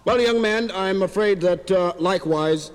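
A man playing a calm, formal doctor who speaks in a measured, grave way with hesitant fillers. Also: high voice, clean tone, big-room sound, close to an everyday voice. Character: calm, formal middle-aged male doctor.

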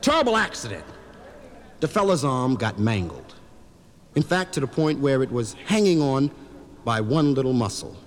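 A man performing a stand-up comedy routine in a club, an animated storyteller who acts out every character. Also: medium pitch, normal speed, long pauses.

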